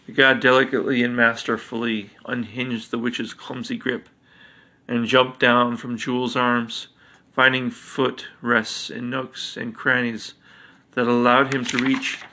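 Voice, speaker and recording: Gravelly man reading a fantasy story. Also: medium pitch, bright, forceful tone. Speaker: narrator.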